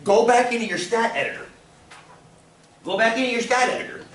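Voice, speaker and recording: Lively, high-voiced male teacher, roomy room. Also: a little fast. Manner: animated, asks the class lots of questions. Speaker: statistics teacher. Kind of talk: classroom lecture. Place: classroom. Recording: roomy, from far off, faint room noise.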